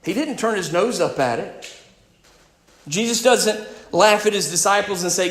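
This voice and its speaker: A male pastor preaching a sermon. He is emphatic, swings between loud and quiet, and speaks directly to his congregation. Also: high-pitched, moderate pace, echoey room.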